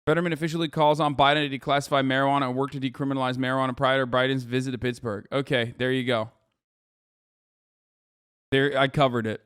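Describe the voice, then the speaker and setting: A man's voice: medium pitch, level tone, fast talker, a bit bright, clean tone, dry recording. Joking male streamer, dry sound. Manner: crude, joking, rambling. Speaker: streamer host. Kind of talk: casual live-stream chat.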